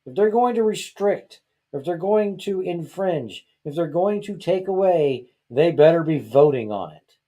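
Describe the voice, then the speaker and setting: Male host from Georgia, mellow-toned, venting heatedly, lots of rhetorical questions; casual opinion podcast. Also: fairly high pitch, lively intonation, unhurried.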